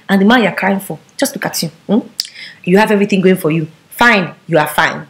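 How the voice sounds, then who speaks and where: A woman's voice: medium pitch, a little fast. Brief: young woman vlogger, sassy and preachy, firing off rhetorical questions to camera. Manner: bobs her head while talking. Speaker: vlogger giving relationship advice. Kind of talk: direct-to-camera advice monologue.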